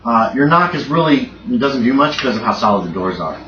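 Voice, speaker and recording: A man's voice: medium pitch, very animated, fast talker, a crowd in the background. A man narrating as game master in a tabletop horror game, describing scenes in a loose, casual way. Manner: loose, casual descriptions with frequent ums and laughs. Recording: dull, roomy recording from a distant mic with faint noise.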